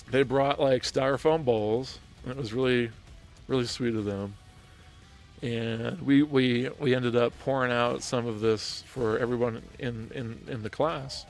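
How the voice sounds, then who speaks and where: A gaming livestream host tells a story in a chatty way, laughing often and restarting his sentences. His voice is medium-pitched and creaky, with faint music behind him.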